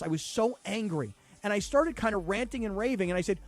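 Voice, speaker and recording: A man's voice: high-pitched, fairly quick, faint music behind. A man in his fifties co-hosting a sports radio show, telling stories in casual talk and acting out the voices of people he quotes. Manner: animated storyteller acting out quotes.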